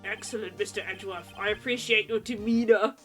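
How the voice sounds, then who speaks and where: A woman voicing a stern, calm older male judge in a video game, speaking in a measured, formal way. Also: medium pitch, faint music behind, close to an everyday voice.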